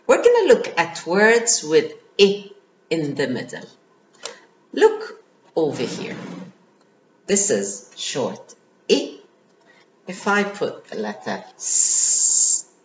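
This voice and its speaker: A woman's voice: sits low, a little hiss or hum. A woman teacher giving a phonics lesson to young children, sounding out letters and words one by one. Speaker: kindergarten teacher.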